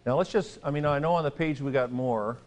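A man's voice: medium pitch, brisk, darkish tone. A middle-aged man teaching a Greek grammar class, lecturing in a chatty way with joking asides and frequent checks with his students.

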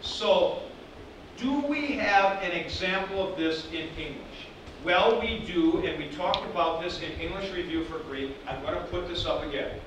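A man teaching a class, lively, acting out example sentences as he explains. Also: high voice, measured pace, a little hiss or hum. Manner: animated, acts out example sentences. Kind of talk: classroom lecture. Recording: echoey room from far off.

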